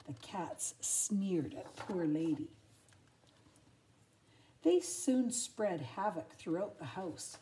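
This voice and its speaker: An older grandmother with a medium-pitched voice reads a children's storybook aloud. She's gentle and expressive, slipping in little asides for her listeners.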